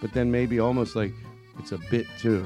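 A man's voice: medium pitch, steady tone, normal speed, mellow, faint music behind. A man co-hosting a comedy podcast, steering the chat in casual banter. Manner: bossy, keeps steering the group. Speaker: podcast co-host.

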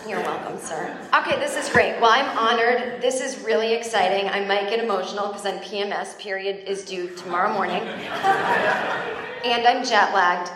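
A woman's voice: medium pitch, moderate pace. A woman in her forties doing stand-up comedy and chatting with the crowd in a rambling, self-deprecating, profane way. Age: 40s. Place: comedy club stage. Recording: very echoey club with noise.

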